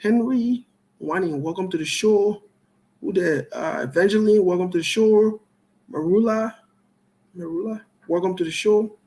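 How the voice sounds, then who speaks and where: A man's voice: high-pitched, low-quality recording. A man hosting a call-in talk show, greeting callers one by one and then turning to political commentary. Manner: greets callers by name in a steady string, joking asides; slow, deliberate delivery.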